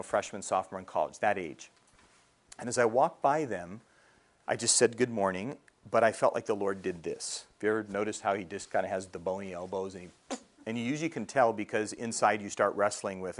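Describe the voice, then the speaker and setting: A middle-aged male pastor preaching a sermon in a conversational way, often checking in with the congregation. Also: lowish voice. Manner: conversational preaching with frequent "all right?" check-ins.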